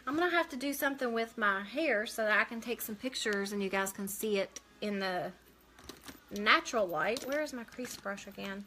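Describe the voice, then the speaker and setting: A woman's voice: medium pitch, normal speed, pushed and bright. A woman hosting a casual live makeup stream, chatting as she works and answering viewer comments aloud.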